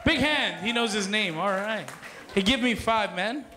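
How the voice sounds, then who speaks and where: Party magician, man, high bright voice, playful crowd patter with kids. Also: animated, a little slow, a little hiss or hum. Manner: playful, joking, calls to the crowd. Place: party hall with dance floor.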